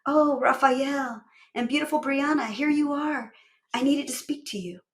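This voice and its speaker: An eccentric older neighbor woman , as read by a woman, greets the children in a slow, lilting, fond voice. Her pitch floats high and her words stretch out. It comes from a storybook reading. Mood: relieved, fond.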